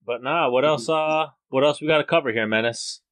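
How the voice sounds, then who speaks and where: A man's voice: fairly high pitch, fairly quick, a bit bright, no echo. A man co-hosting a podcast, laid-back, reading out fight stats in casual chat.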